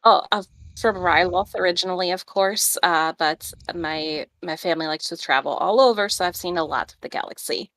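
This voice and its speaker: A woman's voice: fairly low pitch, moderate pace, fairly bright tone, dry recording, natural voice. A woman playing a cheeky young alien rogue. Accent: slight put-on Russian-like. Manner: playful, cheeky.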